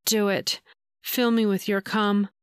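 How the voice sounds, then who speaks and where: A woman's voice: medium pitch, level tone, slow pace, smooth, dry recording, clean studio sound, close to an everyday voice. A woman narrator voicing an adult woman lover in a breathless, pleading way, for an adult audio story.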